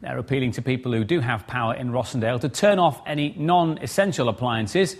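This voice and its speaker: A man reading a news report in a measured, formal way. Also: mid-range voice. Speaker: news reader.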